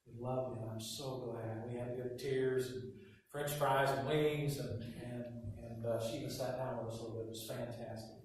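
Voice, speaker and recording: A man preaching a sermon as pastor, telling stories with quiet asides and loud emphatic bursts. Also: medium pitch, steady tone, moderate pace, slight background noise. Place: church hall. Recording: echoey hall from far off.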